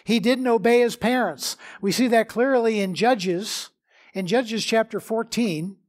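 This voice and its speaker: High-voiced man preaching a sermon. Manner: measured preaching with prayer and scripture reading. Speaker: pastor.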